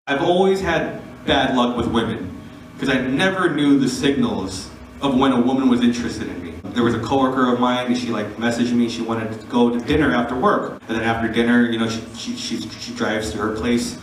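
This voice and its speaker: A young man telling a funny personal story, animated and laughing as he acts out the people in it. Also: medium pitch, fairly quick. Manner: animated, giggly, voices the people in his story. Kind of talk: casual storytelling to camera. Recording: echoey, distant, noisy phone recording.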